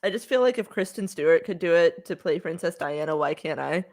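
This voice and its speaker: A woman's voice: fairly low pitch, fairly quick, a little mellow. A woman co-hosting a podcast in casual chat, giggly and rambling, with lots of fillers and repeated words. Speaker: podcast co-host.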